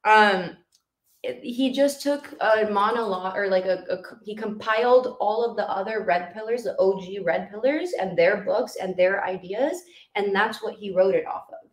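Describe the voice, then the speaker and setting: A woman's voice: medium pitch, moderate pace, reverberant, poor audio. A woman co-hosting a podcast in casual, blunt, profane chat, talking with emphasis. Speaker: podcast co-host.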